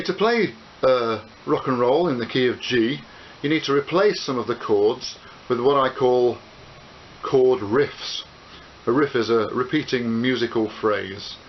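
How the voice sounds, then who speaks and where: Recorded on a camcorder microphone with dull, hissy sound and a loud ukulele, this lesson features a medium-pitched man. He relaxedly explains as he plays, counting beats, calling chords and often saying "uh."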